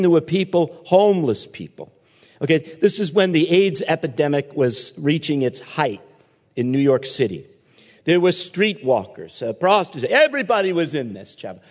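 A man's voice: on the high side, in a large hall. A man, a pastor, telling a story and reading scripture in a sermon, acting out the people in his story. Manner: animated storytelling with quoted voices.

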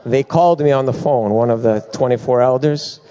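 A middle-aged man preaching a sermon, telling lively stories with asides and bursts of laughter. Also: medium pitch, a little fast. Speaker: pastor.

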